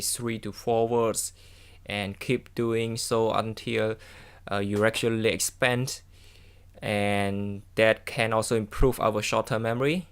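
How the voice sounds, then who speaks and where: A man's voice: fairly low pitch, fairly bright tone, clear, resonant tone. Hesitant man explaining tips. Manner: hesitant, with frequent ums and self-corrections. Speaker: English test tutor. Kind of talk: reading and explaining study tips.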